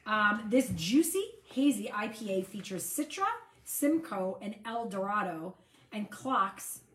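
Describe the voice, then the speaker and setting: A woman from Buffalo, New York co-hosts a relaxed beer tasting, teasing her partner and reading can labels aloud. Her pitch is ordinary for a woman, and the room adds noticeable echo. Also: a little slow. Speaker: beer-tasting show co-host. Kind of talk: casual chat.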